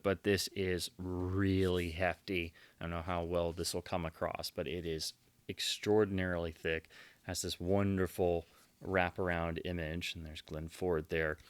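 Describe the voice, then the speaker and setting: A man giving casual unboxing commentary as a collector, enthusiastic and quick to heap on superlatives. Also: low-pitched, clean tone, no echo. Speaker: collector presenting his purchases.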